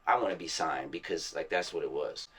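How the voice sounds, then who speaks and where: Southern rapper guy as interview guest, swears freely, acts out quotes, tense bright tone. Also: very deep voice, brisk, husky. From Virginia and Florida, USA. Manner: profane street slang, acts out quotes. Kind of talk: casual storytelling interview.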